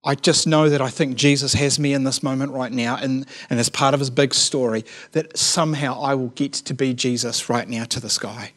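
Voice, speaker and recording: A man's voice: mid-range voice, steady tone, moderate pace, hardly any pauses. A man, a youth worker telling a story in a sermon, chatty and casual, with frequent asides of "you know what I mean". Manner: drops to a quiet, earnest tone at serious moments.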